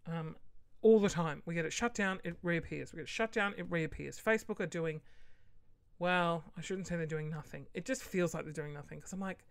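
A woman's voice: lowish voice, brisk, dry recording. A woman hosting a casual solo podcast, rambling chattily and acting out quoted voices with sudden whispered asides. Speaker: podcast host.

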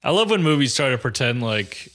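Man, casual podcast co-host, mid-pitched, blunt and dismissive, swears a lot. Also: very animated, brisk, fairly bright tone. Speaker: podcast co-host reviewing a movie. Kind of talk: casual profane chat.

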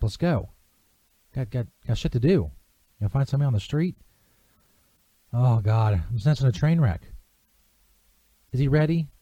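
A man's voice: mid-range voice, warm tone, no echo. A man hosting a live comedy radio show in a studio, laid-back with laughing, profane teasing. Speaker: radio host.

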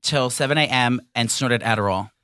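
A man's voice: medium pitch, moderate pace, pushed and bright, clean tone, no room sound. A man in his thirties hosting a podcast, chatting casually in a rambling, crude, candid way into a close mic. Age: 30s. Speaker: podcast host. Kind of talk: casual chat.

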